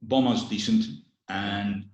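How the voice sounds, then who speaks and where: A man in his sixties, a former footballer, chatting casually as a podcast guest in a relaxed way with many restarts. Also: lowish voice, slow, reverberant, low-quality recording. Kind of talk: casual chat.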